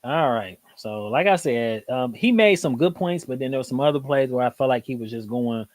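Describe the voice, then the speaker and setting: A man hosting a live stream, reacting to clips in rambling, animated casual commentary full of fillers. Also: mid-range voice, normal speed, no echo.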